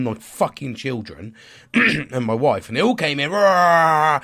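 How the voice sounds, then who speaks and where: A male vlogger with a medium-pitched voice delivers a casual, rambling monologue. He swears constantly, sounds stressed and tired, and is hard on himself.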